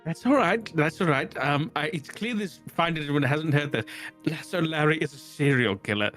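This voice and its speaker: A man's voice: fairly high pitch, expressive, normal speed, fairly bright tone, soft background music. Dry, teasing male tabletop player. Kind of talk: in-character tabletop play.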